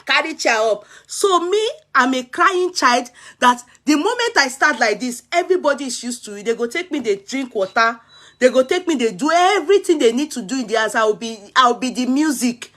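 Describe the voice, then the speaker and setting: A woman's voice: high voice, animated, normal speed, a bit bright. A Nigerian woman vlogger with a Yoruba-tinged accent, telling a comic childhood story in Pidgin, acting out the crying and laughing often.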